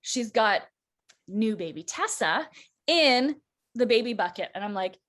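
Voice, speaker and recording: A woman's voice: a little high, unhurried. A woman co-hosting a church chat show, telling a travel story with lots of laughter and acted-out voices. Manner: animated, acts out quoted voices, laughs often. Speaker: co-host.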